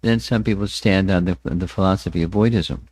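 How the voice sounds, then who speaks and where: A man teaching a scriptural class, speaking deliberately, often repeating words and chanting verses with his listeners. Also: deep voice, darkish tone. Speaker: spiritual teacher. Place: temple hall.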